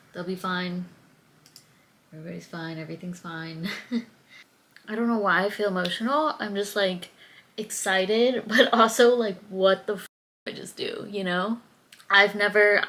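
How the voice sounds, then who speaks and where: A woman's voice: mid-range voice, fairly bright tone. A young adult woman talking casually to camera in a diary vlog, chatty, full of "like" fillers and small laughs. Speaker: vlogger.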